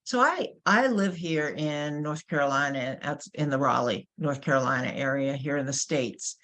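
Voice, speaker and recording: A woman with a New York accent giving a webinar presentation as a workshop presenter, emphatic and animated, asking rhetorical questions. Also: deep voice, moderate pace. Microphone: webinar microphone.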